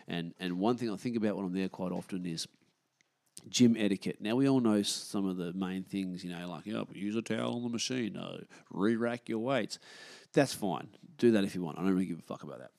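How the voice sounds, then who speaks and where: A man with an Australian accent hosting a podcast on his own, ranting casually and bluntly, swearing a lot and getting loud when annoyed. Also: fairly low pitch. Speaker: podcast host. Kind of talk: casual solo rant.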